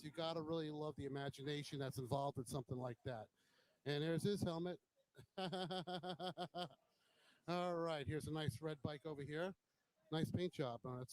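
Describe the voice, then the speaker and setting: A man's voice: fairly high pitch, darkish tone, low-quality recording. A man hosting a casual walkaround of a bike show, chatting admiringly and joking, recorded on a handheld camera as he walks. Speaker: host.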